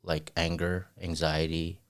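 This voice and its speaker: A man with a fairly low voice co-hosts a podcast in relaxed, casual chat. He stumbles, restarts his sentences, and drops casual swears as he works through his ideas. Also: measured pace. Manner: laughs often while talking. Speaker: podcast co-host.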